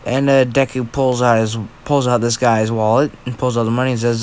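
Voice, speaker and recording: A man's voice: medium pitch, fairly even intonation, normal speed, hardly any pauses, clean tone. Tired young man rambling through a story. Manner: rambling, apologetic, swears. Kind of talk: casual improvised storytelling.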